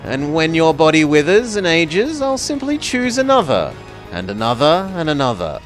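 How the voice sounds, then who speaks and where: A man's voice: a little high, wildly swooping pitch, moderate pace, faint music behind. A man voicing an ancient evil male skull spirit that hunts for a new body, reading the game's dialogue in grand, menacing proclamations. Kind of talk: reading game dialogue aloud.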